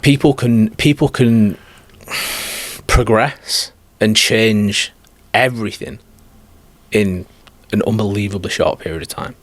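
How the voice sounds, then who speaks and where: Blunt low-voiced male life coach. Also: slow pace, no echo. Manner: blunt, direct and emphatic. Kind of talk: podcast conversation.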